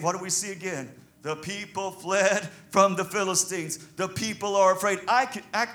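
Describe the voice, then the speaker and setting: A man with a Southern American accent, preaching a sermon as pastor in an animated way, chuckling between points. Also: sits high. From Southern United States.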